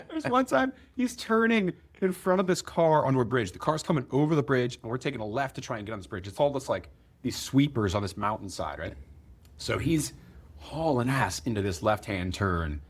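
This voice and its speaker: A man co-hosting a podcast, telling stories quickly and vividly with some laughter. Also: medium pitch, lively intonation. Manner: fast, vivid storytelling with laughs. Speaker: podcast co-host. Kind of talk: casual chat.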